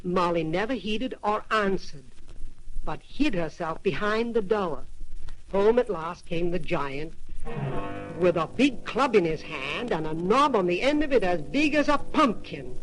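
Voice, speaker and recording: High-voiced male storybook narrator. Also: measured pace, rough recording. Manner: lively, rhythmic fairy-tale telling. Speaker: audiobook narrator. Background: background music.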